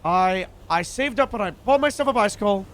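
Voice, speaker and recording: A man's voice: high voice, expressive, fairly quick, a bit bright. A man streaming a game, chatting casually and amused with himself. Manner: chatty, laughing, self-amused. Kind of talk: casual gameplay chat.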